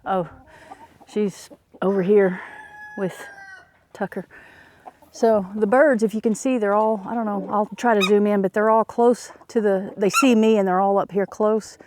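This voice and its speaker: A woman's voice: medium pitch, fairly even intonation, a little slow, a little mellow, slight background noise. A woman from Oklahoma talking casually while she does farm chores, a little out of breath and rambling with many fillers. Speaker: homesteader vlogger. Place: outdoors on a farm.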